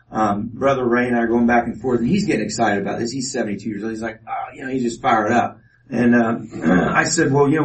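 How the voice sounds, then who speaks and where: A man's voice: mid-range voice, gravelly. A man giving an informal testimony talk to an audience, with many fillers and restarts. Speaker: speaker presenting a ministry project. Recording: voice from a distance off mic.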